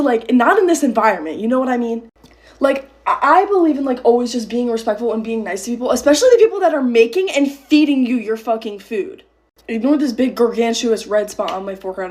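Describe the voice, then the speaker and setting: Heated teenage girl telling a story. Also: a little high. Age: teens. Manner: heated, emphatic, swears often, many restarts. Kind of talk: casual get-ready-with-me storytime.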